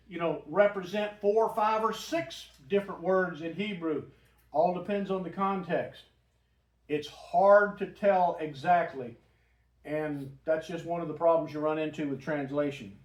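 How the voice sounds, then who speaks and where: A man leads a church Bible study at an unhurried pace, his voice sitting high for a man. He talks conversationally and keeps asking the group questions. He sounds roomy, picked up from across the room. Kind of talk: interactive Bible teaching. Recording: roomy, from a distant mic.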